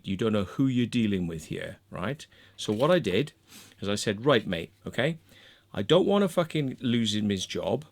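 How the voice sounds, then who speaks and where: A man's voice: medium pitch, no echo. A man, telling a story in a blunt, aggressive, sweary way and tagging his sentences with "right?". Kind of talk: profane storytelling monologue.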